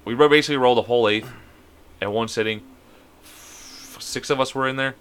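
A man telling a long, profane story in a casual podcast chat, rambling and animated. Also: medium pitch, fairly quick, clear, resonant tone. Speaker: podcast co-host.

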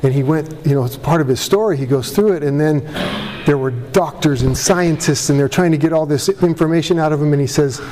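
A man's voice: fairly high pitch, fairly quick, mellow, slight background noise. A man speaking at a recovery meeting to a live audience, candid and self-deprecating, rambling with restarts, his voice cracking with emotion. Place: meeting room before an audience.

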